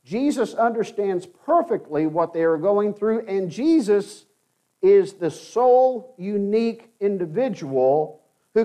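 A man preaching a sermon, earnest and emphatic, slowing down to stress key phrases. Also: sits high, animated, mellow.

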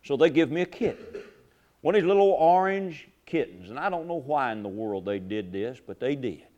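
A middle-aged man preaching a sermon, swinging from loud, fervent lines to hushed ones and repeating his phrases. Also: medium pitch, expressive, moderate pace, muffled recording. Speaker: pastor.

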